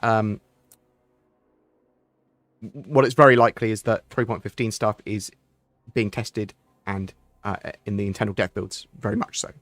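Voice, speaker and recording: A man with a fairly low voice hosts a casual livestream, reading and answering chat questions from a home setup. He rambles in a friendly, chatty way, restarting sentences and filling gaps with ums. The sound is close and dry, with no room echo. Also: fairly even intonation, moderate pace, long pauses, fairly bright tone, soft background music.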